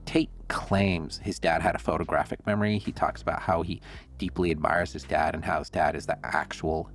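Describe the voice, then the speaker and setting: A man narrating a commentary video in a measured, explanatory way. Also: sits low, steady tone, creaky, soft background music. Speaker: host and narrator.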